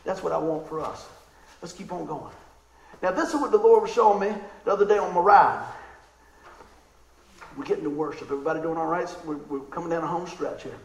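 A high-pitched man delivers a sermon, excitable and chatty, telling stories and often checking in with his listeners. His voice rings around a big room with a lot of echo. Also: a little fast, creaky, long pauses. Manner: animated, excitable storytelling; conversational, asks the crowd questions. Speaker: preacher.

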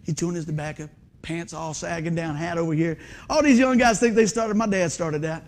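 A man preaching, telling stories in an animated way that swings from hushed asides to excited exclamations. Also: a little high, a little fast, a little hiss or hum. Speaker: pastor. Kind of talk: lively storytelling sermon.

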